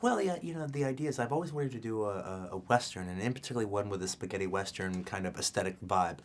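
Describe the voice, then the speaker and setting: Low-voiced male director, casual and rambling, restarts a lot. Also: expressive, fast talker. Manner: rambling, many fillers and restarts. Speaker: filmmaker being interviewed. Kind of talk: casual interview answers.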